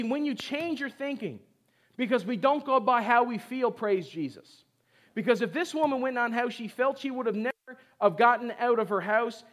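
A pastor preaching to a congregation, urging them on in short repeated phrases and asking them to answer back. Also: male voice, extremely high pitch. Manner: exhorting, call-and-response with the congregation. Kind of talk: sermon. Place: church service before a congregation.

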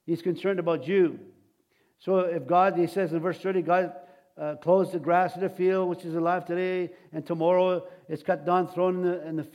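Recorded with lo-fi sound, a man whose voice sits high delivers a sermon. He tells scripture stories, performs the quotes in character, and often starts over mid-thought.

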